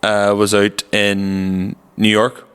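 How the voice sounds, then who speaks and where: A man's voice: fairly low pitch, completely flat delivery, slow pace, fairly bright tone, clear, resonant tone. A young man co-hosting a podcast, telling rambling stories with casual swearing. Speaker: podcast co-host. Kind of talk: casual chat. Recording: long reverberant room.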